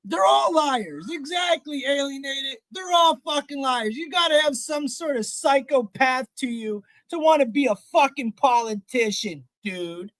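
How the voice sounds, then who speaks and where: Man, high voice, angry profane livestream rant, dry sound. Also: animated, unhurried, hardly any pauses, no room sound. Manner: heated, profane, often shouting. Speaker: livestream host. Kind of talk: profane live reaction rant.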